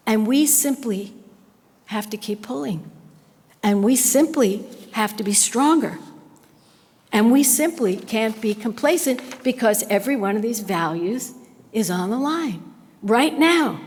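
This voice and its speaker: An older woman giving an impassioned public lecture, speaking with emphatic conviction. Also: fairly high pitch. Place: lecture hall. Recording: long hall reverb.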